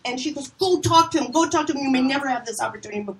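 High-voiced woman telling rambling stories. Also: racing, a loud crowd. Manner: animated, self-deprecating, rambling with restarts. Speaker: casting director guest. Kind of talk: casual storytelling chat.

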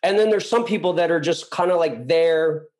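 A man's voice: a little high, normal speed, rough recording. A man as a guest, telling a story in casual chat and acting out what other people said, with lots of "like" fillers. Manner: animated, acts out quoted people, many fillers.

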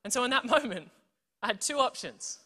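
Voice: mid-range voice, a little fast. An Australian preacher giving a sermon full of humorous stories, often checking in with the audience. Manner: animated, tells stories, keeps checking in with "right?" and "okay?". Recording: long reverb from a big hall.

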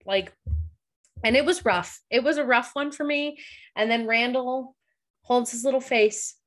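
A woman's voice: on the high side, measured pace, a bit bright. A young adult woman co-hosting a casual recap podcast, emotional and tearful, laughing through her crying. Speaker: podcast co-host. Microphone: studio microphone.

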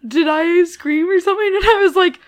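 A young woman with a very high-pitched voice speaks briskly as a podcast co-host. In casual chat she tells stories with animation, voicing the quotes of the people involved and laughing frequently.

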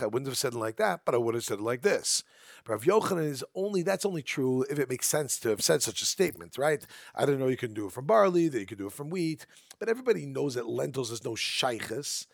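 A man's voice: mid-range voice, sing-song, quick pace, gravelly, dry recording. A man teaching a Talmud lesson, reading the text in a sing-song study chant and explaining each phrase in casual English.

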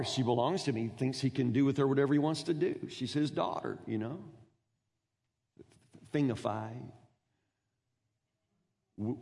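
A man's voice: mid-range voice, darkish tone, husky. A man preaching a sermon in an earnest manner, often stammering over repeated words and putting questions to his congregation. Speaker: pastor. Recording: long reverb in a large hall.

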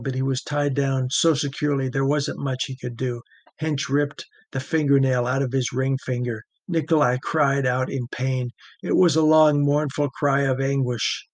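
A man giving steady, measured audiobook narration of a thriller. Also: mid-range voice, no room sound.

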